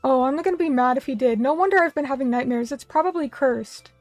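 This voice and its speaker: Sitting at a little table in a small room, a young vtuber streamer talks fast in a high voice, with no echo and soft background music. She casually chats with viewers and reads out their comments in a rambling, self-deprecating way.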